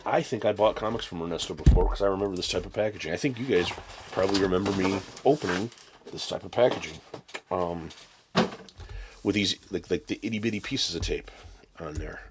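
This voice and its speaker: A man's voice: sits low, a little hiss or hum. A man hosting a casual unboxing vlog at his desk, rambling and sarcastic, with mock rants. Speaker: channel host. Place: home desk with camera and laptop.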